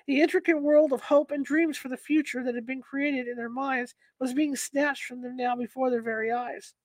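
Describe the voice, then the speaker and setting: A woman narrates an audiobook in a steady, dramatic reading. Her voice sits high, and the sound is dry and close, with no room around it. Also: normal speed, no room sound.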